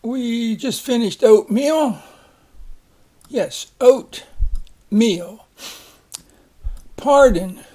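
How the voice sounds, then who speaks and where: A man teaching a phonics lesson, slowly reading words, splitting syllables and giving example sentences. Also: high-pitched, darkish tone. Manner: slow, deliberate, repeats each word and splits syllables.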